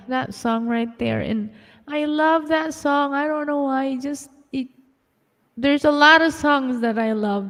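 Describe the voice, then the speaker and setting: Tearful high-voiced woman, laughing softly. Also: big-room sound. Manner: emotional, laughs through her words. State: tearful, close to crying. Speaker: singer and live-stream co-host. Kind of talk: casual live-stream chat.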